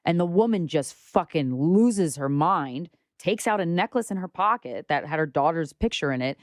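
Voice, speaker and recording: A young woman talks as a guest in a casual conversation, her voice sitting on the lower side. She is animated and outspoken, with a lot of casual swearing. The recording is dry and close. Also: normal speed, hardly any pauses, no echo. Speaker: podcast guest.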